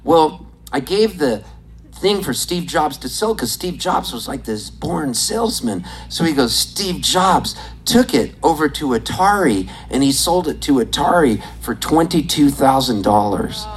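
A performer on stage telling a rambling, excitable story, often breaking into laughter. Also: mid-range voice, unhurried, slight background noise, low-quality recording. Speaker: comedian and musician on stage. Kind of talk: stand-up storytelling. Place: on stage at a desert venue.

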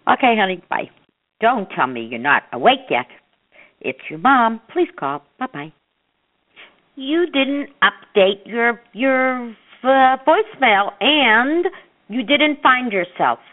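A woman's voice: a little high, very animated, slow pace. An older woman leaving chatty, rambling, affectionate voicemail messages for her grown child. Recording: phone-line voicemail.

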